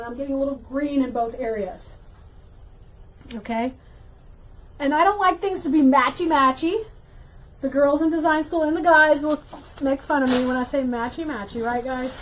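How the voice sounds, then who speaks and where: Chatty high-voiced woman teaching wreaths. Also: slight background noise, rough recording. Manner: chatty, reads viewer comments aloud, thinks out loud while working. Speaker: wreath-making teacher and livestream host. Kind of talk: casual livestream craft tutorial.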